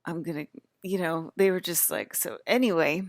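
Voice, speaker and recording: A woman with a low, gravelly voice and a lilt talks in a loose, wandering vlog monologue. She often trips over her own sentences and starts them over. The sound is close and dry. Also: sing-song, moderate pace, no echo. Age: adult with children. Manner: chatty, wandering, restarts mid-sentence. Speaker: vlogger. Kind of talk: rambling casual monologue. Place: hotel room.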